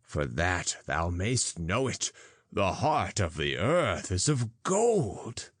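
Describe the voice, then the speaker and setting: A man's voice: low-pitched, sing-song, takes it slowly, no room sound, full character voice. A man reading as a solemn prophet, declaiming in archaic English. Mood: mocking. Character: solemn prophet speaking in parables.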